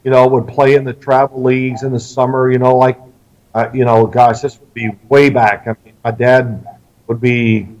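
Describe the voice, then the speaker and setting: A middle-aged man from Louisville, Kentucky, appears as a guest in a storytelling interview, spinning lively family tales and acting out what each person said. His voice sits at a medium pitch and moves at a moderate pace. The recording sounds slightly distant, with a dull lo-fi quality.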